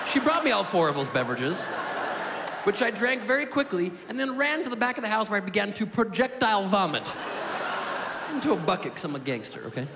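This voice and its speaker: Animated, high-voiced stand-up comedian. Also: male voice, brisk. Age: 30s. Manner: animated, profane storytelling with acted-out dialogue. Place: comedy club stage with audience. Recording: live club with long reverb, audience noise.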